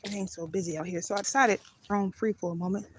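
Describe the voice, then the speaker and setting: A woman's voice: mid-range voice, steady tone, fast. Woman, casual live-stream ramble, walking outdoors at night, handheld phone, faint background noise. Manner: chatty and loose, breaks off to call her dog; talks while walking. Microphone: phone held by hand.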